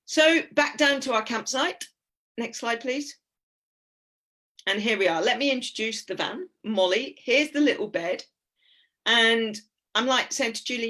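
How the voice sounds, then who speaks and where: A woman's voice: fairly high pitch, a little slow, pauses often, bright, forceful tone. An English woman in her fifties gives a chatty, giggly, anecdotal talk with slides as a guest speaker. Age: 50s.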